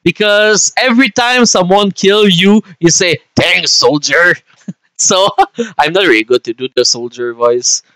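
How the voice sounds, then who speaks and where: A man's voice: sits high, unhurried, fairly bright tone, clear, resonant tone, no echo, rough recording. A young man from Canada, chatting casually and swearing freely as he streams a game and answers his chat.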